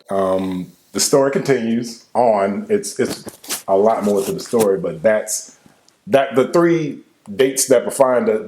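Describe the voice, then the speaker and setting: Young man, co-host, casual storyteller, halting, emotional delivery. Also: fairly low pitch, dark tone, echoey room. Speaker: co-host telling a couple's story.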